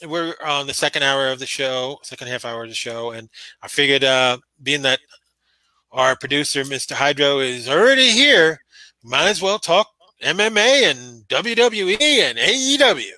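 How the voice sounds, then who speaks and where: A man's voice: medium pitch, expressive, moderate pace, sharp tone, dry recording, low-quality recording. A man co-hosting a casual podcast, talking bluntly and ranting in exasperation. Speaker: podcast co-host.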